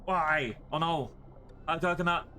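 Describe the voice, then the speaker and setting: A playful British man talking through a live game stream, his voice bright and sharp. He rambles easily and jokes with his chat, with a faint hiss of noise underneath. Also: a little high, unhurried. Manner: playful, chatty, talks to chat.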